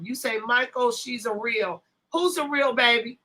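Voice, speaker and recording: Bright-voiced woman hosting a rambling livestream. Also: a little high, normal speed, hardly any pauses, rough recording. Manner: loose, rambling, talks to chat while setting up. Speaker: livestream host. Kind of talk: casual livestream chat.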